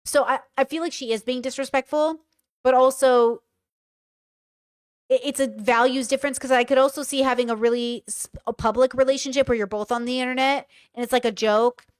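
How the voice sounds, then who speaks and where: A young woman reading messages aloud and weighing in with blunt, casual commentary. Her voice is smooth, clear and slightly high. The sound is dry and close. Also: steady tone, brisk, no echo. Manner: reads messages aloud and comments frankly, swearing. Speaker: commentary streamer.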